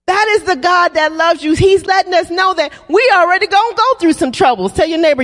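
A woman preacher giving a sermon in a church, using call-and-response and drawn-out, emphatic phrasing. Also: very high voice, a bit bright. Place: church sanctuary. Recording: long reverb of a hall.

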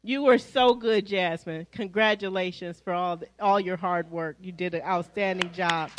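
A woman pastor with an American accent giving lively, chatty church announcements to her congregation, calling them y'all. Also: on the low side, moderate pace, dry recording, rough recording. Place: church sanctuary.

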